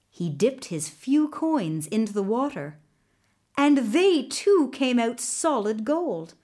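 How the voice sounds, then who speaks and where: Brief: woman storyteller, slow and expressive, lively pitch, reading a fairy tale aloud.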